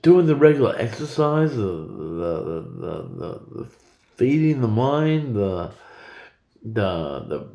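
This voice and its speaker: A man's voice: mid-range voice, mellow, roomy sound. A man in his forties talking in a rambling, profane monologue with frequent stammered repetitions. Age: 40s.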